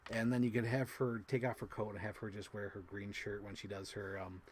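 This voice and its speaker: A man chatting casually as a toy collector vlogger, rambling with lots of fillers and casual swearing, and bursting into high-pitched gushing excitement. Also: moderate pace, slight background noise. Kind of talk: casual unboxing chat.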